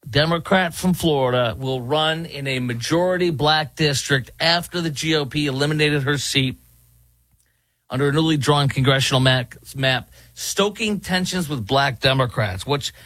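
A man's voice: medium pitch, a bit bright, no echo. Man, talk radio host, sarcastic, joking, dry studio sound. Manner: sarcastic, mocking, loose and joking. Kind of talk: political talk radio commentary.

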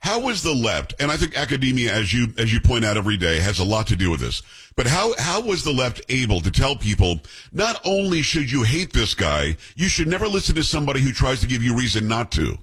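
A man's voice: medium pitch, sing-song, brisk, a bit bright, slightly rough. A middle-aged man hosting an interview, asking emphatic questions and reacting to his guest. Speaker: show host. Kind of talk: conversational interview.

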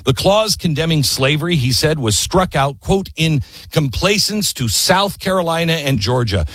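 A man speaks with conviction, his pitch rising and falling freely as he tells a story. His voice has a slightly husky edge. The sound is dry and close, with no room echo. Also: animated, normal speed, fairly bright tone. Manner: emphatic storytelling, with quoted voices and rhetorical questions. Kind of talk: impassioned history talk.

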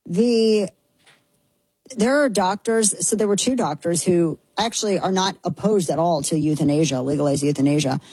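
A woman talk radio host with a low, mellow, slightly husky voice. She runs an indignant, sarcastic monologue, full of disbelief. The sound is close and dry. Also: normal speed, no echo, poor audio.

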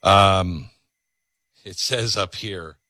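A man's voice: low voice, drawn-out words, sharp tone, no room sound. A man hosting a talk radio show, delivering an opinionated monologue with sarcasm and mocking asides. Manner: sarcastic, mocking, shifts into mimicking voices.

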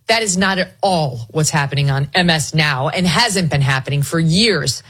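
A woman's voice: low voice, normal speed, slightly rough. A woman guest talking politics in an opinionated, sarcastic way. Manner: sarcastic, mocking, animated when mimicking.

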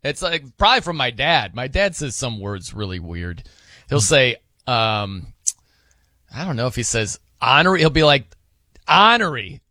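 In a dry studio recording, a sports radio host chats at normal speed in a medium-pitched voice. He keeps things lively and casual, laughing and sharing anecdotes on air.

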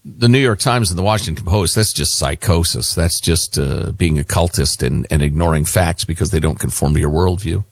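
A man's voice: sits low, normal speed, vocal fry, hardly any pauses, no room sound, clean studio sound. A man co-hosting a talk radio show, talking casually with a sarcastic, mocking edge.

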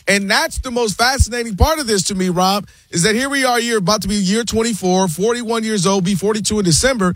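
A man's voice: high voice, fast, few pauses, a bit bright, no room sound, clean studio sound. A man co-hosting a sports talk show, making long, impassioned arguments and addressing his co-host by name. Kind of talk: animated sports debate.

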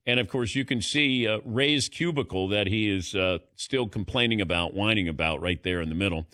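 Middle-aged male radio host, low-set but bright, crisp dry studio sound; easygoing banter. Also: moderate pace, no room sound. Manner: chatty, laughs easily, calls on co-hosts by name. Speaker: sports talk show host.

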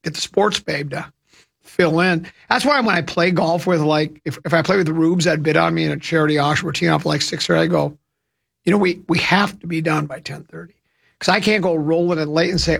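A man's voice: fairly high pitch, a little fast, creaky, fairly bright tone, slightly rough. A man hosting a radio talk show, telling rambling, chatty anecdotes into a studio microphone. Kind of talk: casual radio storytelling.

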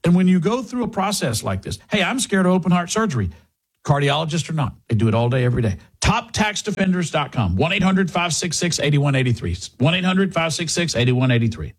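A man's voice: on the high side, sing-song, fairly quick, hardly any pauses, husky. A man reading a live radio advertisement in an urgent, persuasive way.

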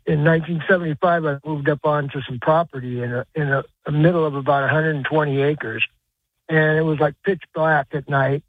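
A man calling in to a radio show, telling a personal story in a halting, rambling way with lots of restarts. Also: on the high side, dry recording. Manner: rambling, halting, many uh's and restarts, earnest. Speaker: caller. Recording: tinny phone line.

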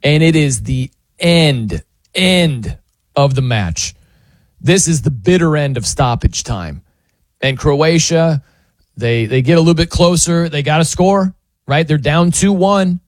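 A man's voice: on the high side, unhurried, dry recording, clean studio sound. A man hosting a sports radio show, telling a story in a casual, jokey way and acting out what people say. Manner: animated, jokey storytelling with acted-out quotes. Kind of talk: casual sports talk monologue.

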